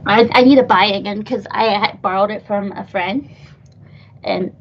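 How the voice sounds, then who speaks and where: A woman's voice: medium pitch, moderate pace, dull audio, slight background noise. A woman hosting a podcast in casual chat, gushing and rambling, swearing casually. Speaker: podcast host.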